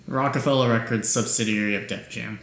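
A man with a mid-pitched voice co-hosts a casual podcast, teasing and joking in quick back-and-forth. He sounds like he is in an echoey room. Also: fairly even intonation, vocal fry, a bit bright, a little hiss or hum. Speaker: podcast co-host. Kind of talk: casual chat.

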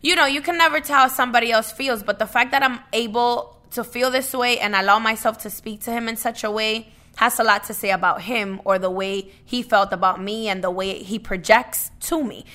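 A woman's voice: a little high, fairly quick, hardly any pauses, sharp tone. A woman co-hosting a podcast, chatting candidly and often restarting her words. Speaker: podcast co-host. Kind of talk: casual chat.

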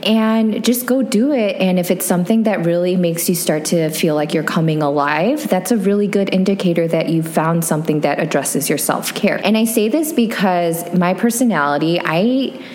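A woman's voice: fairly low pitch, moderate pace, hardly any pauses. A young woman co-hosting a casual podcast, chatting openly and laughing often at herself. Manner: laughs often, animated, self-deprecating. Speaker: podcast co-host.

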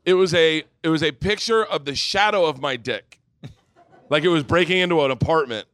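A middle-aged man hosting a live podcast, rambling loudly through stories, swearing and laughing. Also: fairly high pitch, a little fast. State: tipsy. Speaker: podcast host. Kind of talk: live podcast comedy storytelling. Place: brewery stage before a live audience.

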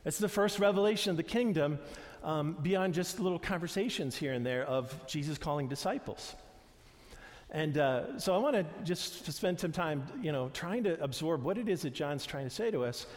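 Conversational preacher with hall reverb. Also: male voice, a little high, normal speed. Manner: conversational, animated retellings with many fillers and restarts. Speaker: pastor. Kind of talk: sermon.

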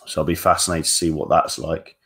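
A dating coach with a notably low, deep voice addresses his viewers directly during a live-stream Q&A, blunt, casual, frank and freely swearing. His tone is level and fairly bright, and he talks a little fast.

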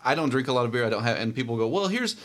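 A man co-hosting a casual talk show who tells anecdotes at a rapid clip. His voice sits at an ordinary middle pitch, and he talks in a friendly, chatty way. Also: lively intonation. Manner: quick, chatty storytelling. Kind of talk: casual chat.

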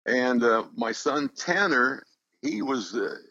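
An older man, a voice actor, chatting as an interview guest in a relaxed, wry storytelling way. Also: medium pitch, takes it slowly, no room sound, lo-fi sound. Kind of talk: casual interview chat.

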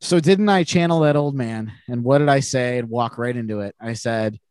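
A man's voice: mid-range voice, moderate pace, a little mellow, clean tone, no room sound. A man co-hosting a podcast, telling a self-mocking funny story in casual chat and laughing through it. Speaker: podcast co-host.

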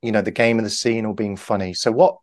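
A man's voice: on the low side, steady tone, fast talker, no room sound, studio quality. A man talking casually as an improv guest, rambling and correcting himself, acting out example lines as he explains. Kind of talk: casual interview chat.

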